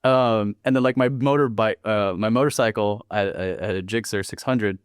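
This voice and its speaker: A man's voice: on the low side, moderate pace, smooth, no room sound, studio quality. A man in his thirties from Northern California, a podcast guest telling his story in a laid-back, profane way and acting out the people he quotes. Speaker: podcast guest, military veteran. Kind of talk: casual storytelling interview.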